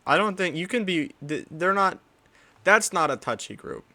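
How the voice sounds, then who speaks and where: A young man hosts a casual podcast, his voice sitting a bit high for a man. He rambles, swears, and corrects himself mid-sentence. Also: expressive, moderate pace, pushed and bright. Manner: rambling, crude, self-correcting. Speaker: podcast host.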